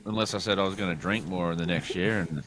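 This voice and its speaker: A man, co-hosting a casual podcast chat, sweary and quick to laugh. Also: deep voice, a bit bright, a little hiss or hum. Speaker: podcast co-host.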